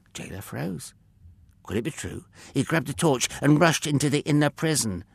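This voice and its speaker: A man narrating a children's Bible story in an expressive way, sometimes speaking to the listener directly. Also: a little high, moderate pace, gravelly, husky, no echo. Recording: dry close mic with faint music.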